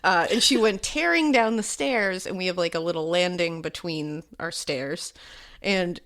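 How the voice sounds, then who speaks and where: A woman's voice: fairly low pitch, measured pace, a bit bright. A woman in her thirties co-hosting a podcast, chatty and laughing often, a little stuffed up from a cold. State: slightly stuffed up from illness. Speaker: podcast co-host. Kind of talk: casual chat.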